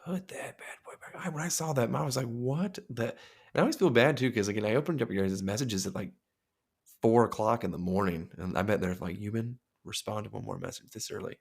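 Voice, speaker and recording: A man's voice: on the low side, fast, creaky, slightly rough. A man co-hosting a podcast, telling crude, joking stories in loose casual chat. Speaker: podcast co-host.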